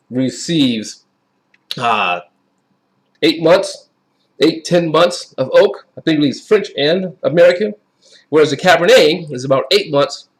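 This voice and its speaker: A man giving a casual, chatty wine review in a folksy way that often repeats itself. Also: a little high. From Wisconsin.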